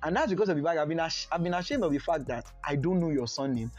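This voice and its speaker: A man's voice: fairly high pitch, lively intonation, fast talker, darkish tone, soft background music. A man hosting a casual podcast chat, laughing often and teasing his guest. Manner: giggly, apologetic, teasing. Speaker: podcast host.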